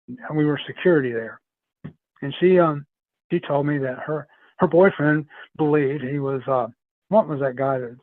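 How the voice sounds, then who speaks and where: A man's voice: a little high, dry recording. A man telling long paranormal stories as a podcast guest, rambling, repeating himself and laughing often. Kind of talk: casual storytelling chat. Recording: tinny phone-like line.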